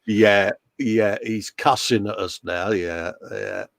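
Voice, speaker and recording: A man's voice: fairly low pitch, fairly even intonation, takes it slowly, vocal fry, dry recording. A man hosting a casual live chat from his workshop, laughing often and reading out viewer comments. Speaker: host. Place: home workshop.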